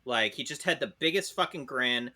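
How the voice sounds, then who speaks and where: A man telling a funny story on a casual podcast. He is animated, swears freely and often laughs. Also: medium pitch, normal speed, slight background noise. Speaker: podcast co-host.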